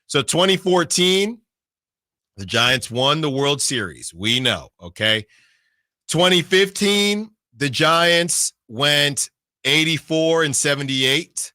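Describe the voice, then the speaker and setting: A man's voice: on the high side, expressive, slow, sharp tone, no room sound, studio quality. A man hosting sports radio, reading out team records in casual talk and checking himself as he goes. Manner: reads out records, self-checking.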